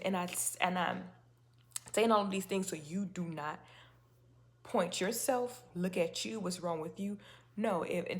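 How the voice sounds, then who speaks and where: A woman hosting a faith-based talk video, speaking casually and emphatically with rhetorical questions. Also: medium pitch. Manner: chatty and emphatic, with many restarts and rhetorical questions. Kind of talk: casual spoken talk to camera.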